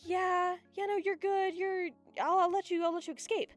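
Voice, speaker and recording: A woman's voice: very high voice, little pitch movement, moderate pace, soft background music, pitched above the performer's own voice. A woman mocking a smug, scheming toy girl. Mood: falsely sweet.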